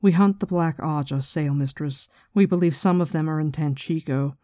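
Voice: medium pitch, moderate pace, mellow, no room sound, studio quality, close to an everyday voice. A reader voicing a careful, polite young noblewoman in a courteous read of a novel passage. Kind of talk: reading a novel passage aloud.

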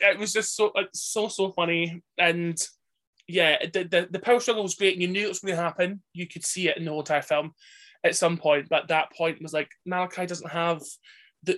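A man's voice: a little high, a bit bright. A man who is a podcast guest, chatting casually and animatedly about a film, laughing often and acting out quotes. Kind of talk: casual chat.

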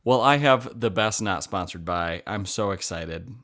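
A man's voice: fairly low pitch, fairly bright tone. A young man co-hosting a podcast, upbeat and joking in a casual chat. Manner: upbeat, joking, quick asides. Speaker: podcast co-host.

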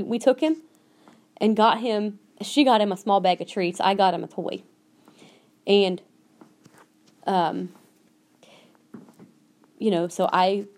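A woman's voice: medium pitch, darkish tone. A woman hosting a podcast, telling a personal story in a casual, earnest way and acting out the voices of people she quotes. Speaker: podcast host.

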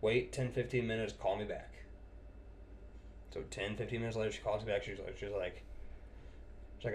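A man's voice: on the low side, fairly even intonation, slight background noise. Swearing, exasperated man telling a work story. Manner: profane, exasperated, quick to laugh. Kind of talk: casual anecdote chat.

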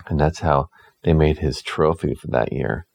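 Deep-voiced man telling a silly bedtime tale. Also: moderate pace, gravelly, a crowd in the background, low-quality recording. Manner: playful, deadpan silly. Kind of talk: improvised bedtime storytelling.

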